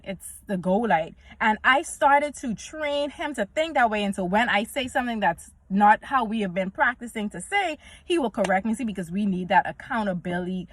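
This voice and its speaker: A woman's voice: medium pitch, fairly bright tone, dry recording. A woman in her thirties speaks to camera in a casual faith-based vlog. Her voice sits in an ordinary middle range for a woman. She is earnest and a touch preachy, quoting scripture and playing out little conversations as she goes. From Bahamas. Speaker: vlogger.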